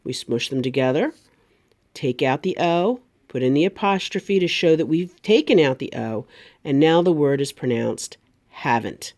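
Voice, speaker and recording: A woman teacher, giving a remote grammar lesson to young students and speaking slowly, over-enunciating each word. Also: low-pitched, expressive, a little mellow.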